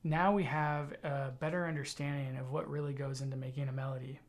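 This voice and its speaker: A man teaching a music tutorial, explaining ideas in a relaxed way with frequent fillers. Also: medium pitch, a little fast. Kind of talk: tutorial lesson.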